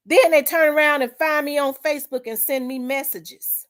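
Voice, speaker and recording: A woman's voice: high-pitched, fairly even intonation, brisk, hardly any pauses, a bit bright. A woman hosting her own channel, talking in an emotional, preaching style. She repeats her lines for emphasis, quotes scripture and uses casual, colloquial speech. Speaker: channel host.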